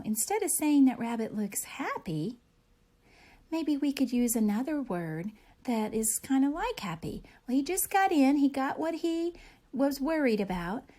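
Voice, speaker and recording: A young woman teacher reading a picture book aloud to young children, pausing to ask gentle questions. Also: fairly high pitch. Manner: gentle, animated storybook reading with questions to kids.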